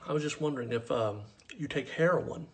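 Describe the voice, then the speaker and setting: A man's voice: medium pitch, a little fast, slight background noise, close to an everyday voice. A man doing a hesitant polite woman. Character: hesitant polite young woman at merch table.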